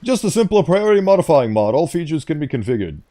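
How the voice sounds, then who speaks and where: A man's voice: a little high, sing-song, quick pace, warm tone. A man giving casual, rambling commentary over a game, easily sidetracked and reading on-screen text aloud. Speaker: gaming streamer.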